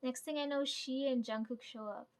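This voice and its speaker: Woman vlogger, slightly high voice, rambly casual storytelling peppered with "right?" and the odd swear. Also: steady tone, moderate pace. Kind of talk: casual dream retelling.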